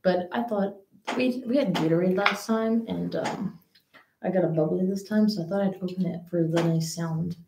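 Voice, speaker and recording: A woman's voice: fairly low pitch, moderate pace, gravelly. A young woman co-hosting a podcast in casual chat, rambling with fillers, recorded in a small room. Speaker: podcast co-host. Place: small room in a school library. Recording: echoey small room, faint background noise.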